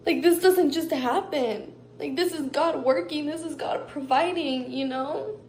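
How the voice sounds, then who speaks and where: A woman's voice: sits high, slow, darkish tone, slight background noise. A young woman giving a rambling personal faith testimony straight to her viewers, saying "like" a lot and talking to them as "you guys". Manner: rambling, heavy use of "like", addresses viewers directly. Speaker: faith vlogger. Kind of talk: casual personal testimony to camera.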